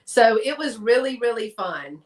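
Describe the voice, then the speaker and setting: A woman's voice: on the high side, very animated, measured pace. A woman from Texas with a Southern accent, chatting casually in a live stream and laughing often. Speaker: guest collector.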